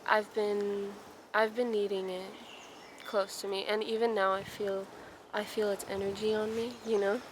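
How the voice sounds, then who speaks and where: A young woman vlogging outdoors in a forest, talking in a soft, reflective, rambling way with many ums and self-corrections. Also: medium pitch, little pitch movement, moderate pace, slight background noise, rough recording. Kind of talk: casual vlog chat.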